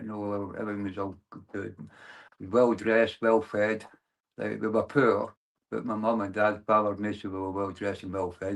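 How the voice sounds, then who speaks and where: A man in his sixties from Glasgow, telling his own story as an interview guest, in a halting way with frequent restarts and the filler "like, no". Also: on the low side, vocal fry. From Glasgow, Scotland. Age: 60s. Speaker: guest, abuse survivor and campaigner. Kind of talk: personal testimony in conversation.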